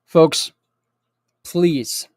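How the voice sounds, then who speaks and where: A man's voice: drawn-out words, a little mellow. A man hosting a community show, making a heartfelt, plain-spoken appeal and sounding close to tears. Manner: earnest, emotional, plain-spoken pleading. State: near tears. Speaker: host and nonprofit founder.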